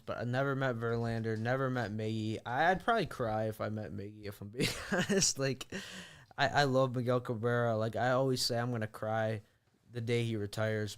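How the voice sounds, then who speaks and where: A young man from Michigan rambles in an easygoing way as a podcast co-host, his speech full of fillers. His voice is smooth and clear and sits in a middle pitch. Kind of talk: casual chat.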